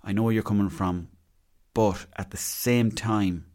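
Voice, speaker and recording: Rambling Irish man with a lowish voice. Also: steady tone, measured pace, a little mellow. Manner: rambling, self-mocking and chatty. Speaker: podcast host. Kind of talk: casual solo podcast chat.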